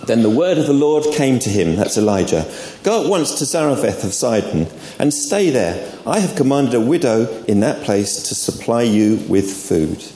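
Preaching an informal sermon at an all-age service, a man chats in friendly asides to the congregation in a church hall. His mellow, mid-pitched voice swings widely in pitch and moves at a moderate pace with hardly any pauses. The echoey church room carries faint background noise.

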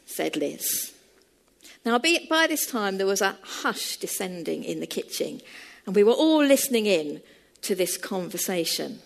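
A woman preaching a sermon and telling a story in a measured, storytelling manner. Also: mid-range voice, very animated, vocal fry.

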